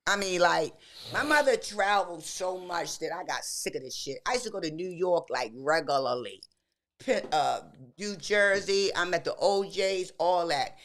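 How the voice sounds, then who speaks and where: A woman in her sixties, a podcast guest, telling lively stories in casual chat and acting out her younger self. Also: fairly low pitch, moderate pace. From Baltimore. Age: 60s. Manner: animated storyteller, acts out her younger self.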